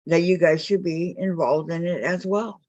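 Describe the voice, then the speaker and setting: A woman's voice: fairly low pitch, steady tone, moderate pace, a little mellow, no echo, muffled recording. An older woman hosting a quilting live stream on a video call, chatting casually, teasing her guests and reading viewer comments aloud.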